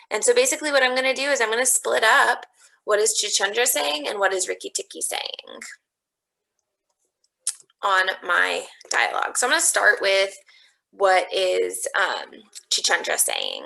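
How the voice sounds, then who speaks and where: In a rough recording with a little hiss or hum, a woman teacher types through a recorded online lesson, reasoning aloud step by step for her students. Her mid-range voice sounds gravelly, pushed, and bright.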